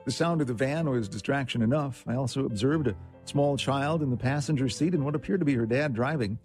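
A man reading a short story aloud in a scripted, expressive way. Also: medium pitch, fairly quick. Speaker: story segment reader. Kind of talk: scripted narration. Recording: faint instrumental music behind.

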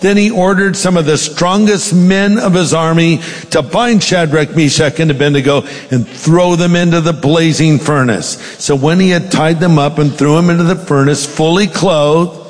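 A man's voice: on the high side, moderate pace, few pauses, long reverb tail. A male pastor preaching a sermon, reading scripture aloud with dramatic emphasis.

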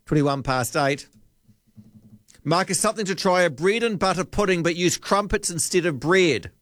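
A man's voice: high-pitched, lively intonation, moderate pace, fairly bright tone, no echo. A man hosting a talkback radio show, rambling and joking as he thinks aloud at a studio microphone. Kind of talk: casual radio chat.

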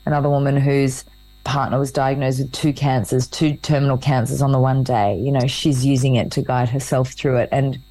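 Woman with a low voice chatting in an interview, earnest, acts out little quotes, dry close sound. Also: little pitch movement, a little fast, no echo, poor audio. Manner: earnest, warm storytelling with quoted dialogue. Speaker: guest, author. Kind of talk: casual conversational interview.

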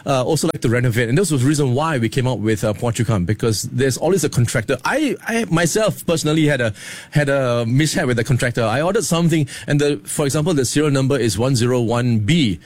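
Lively man telling stories. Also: mid-range voice, quick pace, hardly any pauses, no room sound. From Singapore. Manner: lively, laughs often, slips into voices. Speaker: guest comedian. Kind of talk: animated anecdote telling.

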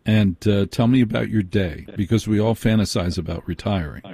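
A man hosts a late-night call-in radio program in a low, mellow, husky voice. He talks in a measured, reassuring way and keeps each caller engaged by name. The studio sound is close and dry. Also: dry recording.

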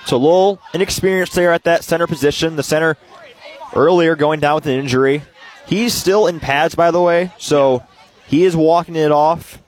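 A man giving color commentary on a live high school football game, calm and analytical. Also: normal speed. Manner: relaxed, analytical, agreeable.

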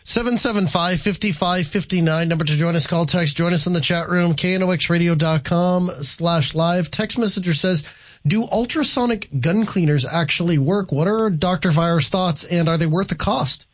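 A man hosting a call-in radio show, briskly reading out the phone number and listener texts. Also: high voice. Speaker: radio host.

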